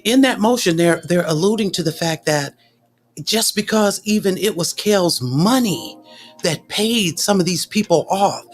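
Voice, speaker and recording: A woman doing casual livestream commentary, sassy and indignant, answering viewers' comments. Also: mid-range voice. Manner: animated, sassy and indignant, talks back to viewers.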